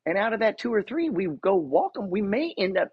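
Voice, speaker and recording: A man with a husky, slightly high voice delivers a blunt motivational rant full of swearing. His pitch swings widely as he pushes his points. The recording is dull and lo-fi. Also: sing-song, brisk. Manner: blunt, profane, emphatic. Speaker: investor and real estate buyer.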